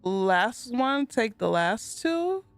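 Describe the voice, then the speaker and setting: A woman narrates her gameplay in a smooth, resonant voice with a gravelly fry under it. She reads letters aloud slowly and earnestly, then bursts into giddy squeals. The voice is close and dry, with faint music behind it. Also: fairly high pitch, big pitch swings, no echo. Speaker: gaming video host. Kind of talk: let's play commentary, reading in-game letters aloud.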